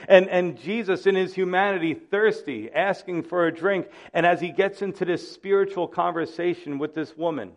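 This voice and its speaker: Male pastor, fairly high voice, dramatic sermon delivery, lo-fi recording. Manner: dramatic, acts out quoted voices.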